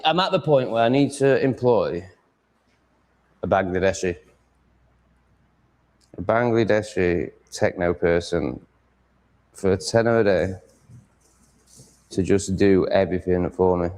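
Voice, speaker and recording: Low-voiced male vlogger, home setting, foul-mouthed and exasperated, rambling casual monologue. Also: darkish tone. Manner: sweary, exasperated ranting. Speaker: vlogger setting up a live stream.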